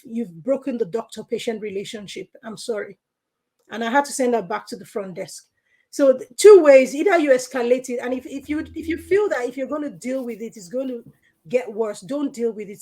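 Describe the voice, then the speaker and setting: Earnest higher-voiced woman doctor. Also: animated, fairly quick, dark tone. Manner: earnest, frequent "you know" fillers. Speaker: GP and guest speaker. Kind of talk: conversational talk sharing experiences.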